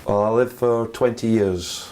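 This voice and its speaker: Low-voiced Scottish man, relaxed. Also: a little slow. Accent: Scottish, softened by years in England. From Scotland. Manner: relaxed, hesitant with fillers. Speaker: interviewee.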